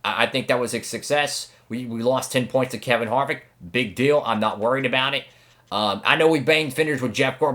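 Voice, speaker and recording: A young man commentating his own racing game run, excitable and talking at the other drivers. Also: mid-range voice, brisk. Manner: excitable, talks to rival drivers, frequent outbursts. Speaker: gaming channel host.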